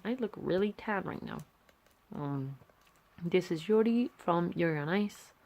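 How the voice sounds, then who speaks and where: Young woman, low-pitched, vocal fry, casual rambling chat, handheld camera. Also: lively intonation, measured pace, darkish tone. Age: young adult. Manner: rambling, hesitant, many fillers and restarts. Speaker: art vlogger.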